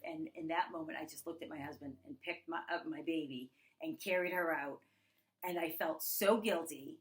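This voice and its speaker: A woman in her thirties, a teacher, telling children a personal story in an expressive way, acting out the people in it. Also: on the low side, moderate pace. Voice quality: expressive, lively storyteller, voices the characters.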